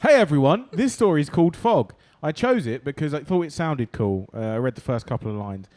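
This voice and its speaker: A man's voice: a little high, animated, brisk, few pauses, a little mellow, no echo. A man, co-hosting a podcast in casual, joking banter, swearing freely. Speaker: podcast co-host. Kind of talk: casual chat.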